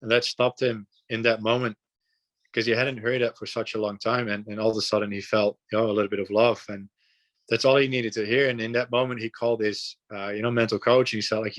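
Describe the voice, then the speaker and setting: Young man from the Netherlands, low voice, relaxed podcast guest with lots of fillers. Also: brisk. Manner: earnest, relaxed, frequent fillers and repeats. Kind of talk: casual storytelling.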